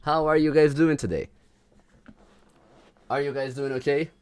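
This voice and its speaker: A man's voice: a little high, steady tone, a little slow, a little mellow, clear, resonant tone. Chatty male livestreamer greeting viewers. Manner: chatty, greets viewers by name, hypes up the crowd. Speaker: livestream host. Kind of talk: casual livestream chat.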